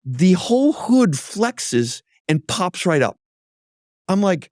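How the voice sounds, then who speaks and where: A man, an auto executive, is a guest on an interview show, telling lively stories and acting out other people's voices. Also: high-pitched, slow pace, no echo, clean studio sound. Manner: lively anecdote-teller who acts out other voices. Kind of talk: casual interview storytelling.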